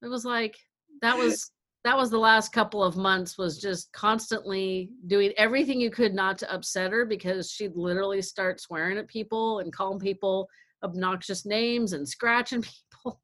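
A woman's voice: medium pitch, normal speed, fairly bright tone. A middle-aged woman telling a caregiving story in casual talk, acting out quotes and laughing often. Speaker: guest caregiver.

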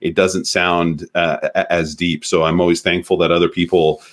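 A man with a deep voice, a guest in a casual online interview, relaxed and friendly, a bit hesitant. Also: normal speed.

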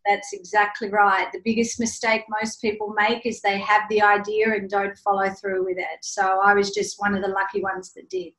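A woman in her forties with an Australian accent, a guest telling her story in a relaxed, self-deprecating way. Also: mid-range voice, normal speed, few pauses, reverberant, poor audio. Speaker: guest, entrepreneur. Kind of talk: casual interview conversation.

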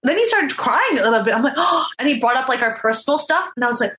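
A woman telling her story in a casual interview, animated and acting out what people said. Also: high-pitched, quick pace. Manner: animated storyteller, acts out quotes. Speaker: reality show contestant. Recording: echoey room.

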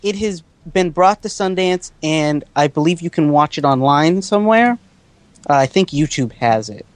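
Dry, wry man, slightly higher voice. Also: animated, moderate pace, no echo. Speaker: podcast co-host. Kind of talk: casual podcast chat.

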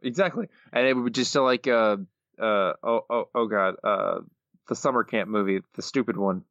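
A man's voice: fairly low pitch, moderate pace, fairly bright tone, dry recording. A man co-hosts a podcast, rambling and joking in casual talk. The recording is dull and lo-fi, and the sound is dry. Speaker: podcast co-host. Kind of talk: casual chat.

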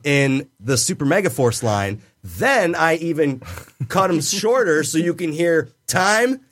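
A man co-hosting a casual podcast chat, excited and insistent, repeating himself to make his point. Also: fairly high pitch, unhurried. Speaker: podcast co-host.

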